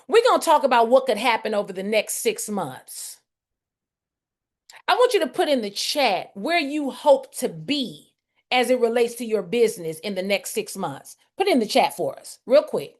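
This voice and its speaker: Energetic woman coaching on a video call. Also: a little high, normal speed. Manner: energetic, calls on participants by name, emphatic repetition. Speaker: group coaching director leading a video call.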